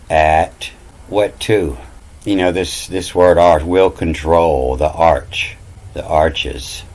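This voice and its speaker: Slow, low-voiced man rambling through letters. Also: slight background noise, poor audio. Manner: meandering, repeats words, many "you know" fillers. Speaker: self-styled language teacher. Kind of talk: rambling explanatory monologue.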